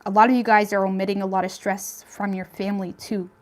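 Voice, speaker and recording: A woman's voice: medium pitch, flat delivery, quick pace. A young woman giving a casual tarot reading, talking in a chatty, blunt way with lots of fillers and some swearing. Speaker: tarot reader.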